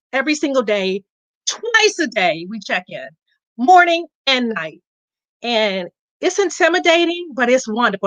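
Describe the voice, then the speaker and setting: A woman guest chatting casually about her coaching experience, animated and laughing often, with frequent restarts. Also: a little high, dry recording, rough recording. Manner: animated, laughing, repeats words. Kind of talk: casual testimonial chat.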